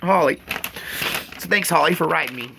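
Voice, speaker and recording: A man's voice: mid-range voice, animated, normal speed, gravelly, noisy background. A middle-aged man, talking to camera in a folksy, rambling way and often choking up. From Texas. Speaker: vlogger reading fan mail. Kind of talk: casual, heartfelt talk to camera. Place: rural land outdoors.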